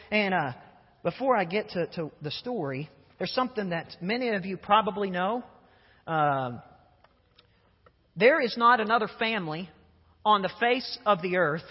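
A young man preaching a sermon in a church, telling humorous stories in an animated way and often repeating his words. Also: high-pitched, breathy edge. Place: church sanctuary. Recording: echoey church hall, dull sound.

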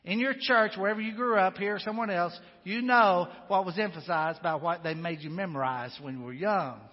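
A man with a high voice preaches an earnest, emphatic sermon. His words ring out with a long echo in a church sanctuary. The sound is dull and muffled. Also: a little fast. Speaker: pastor.

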